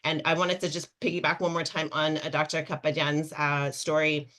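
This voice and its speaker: A woman coach on a webinar panel who talks with excited, animated energy, explaining quickly and piling on examples. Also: low-pitched.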